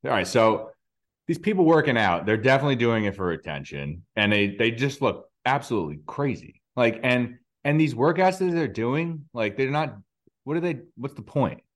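A man's voice: mid-range voice, sing-song, moderate pace. A man in his thirties co-hosting a casual podcast chat, telling stories with lots of "like". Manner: storytelling, lots of likes. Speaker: podcast co-host.

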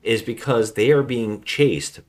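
A man hosting a podcast, casually retelling a movie plot in a rambling, relaxed way. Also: mid-range voice, unhurried. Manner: rambling, relaxed storytelling with frequent restarts. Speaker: podcast host.

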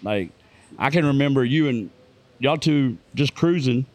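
A man's voice: mid-range voice, expressive, a little slow, darkish tone. A man trading teasing banter in casual chat.

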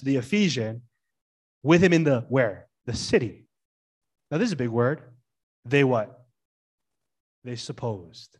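A middle-aged male pastor preaches a lively sermon in a fairly high, husky voice. He often poses questions to the church and leans hard on key words.

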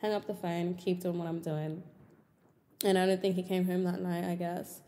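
A young woman hosting a podcast, telling a personal story in casual chat, swearing and getting animated when exasperated. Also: moderate pace, long reverb tail. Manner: animated, swears often, frequent pitch jumps when exasperated. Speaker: podcast host.

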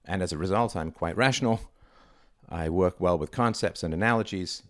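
On his own podcast, a middle-aged podcast host with a very low voice speaks at normal speed in a reflective, conversational solo monologue. He presses hard on key words. The sound is dry and close, without any room sound.

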